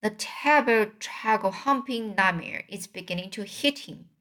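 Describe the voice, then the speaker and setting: A woman voicing a big friendly old male giant in a storybook reading, speaking softly in a hushed tone with muddled grammar. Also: mid-range voice, moderate pace, close to an everyday voice. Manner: soft whispering, muddled grammar. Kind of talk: storybook read-aloud.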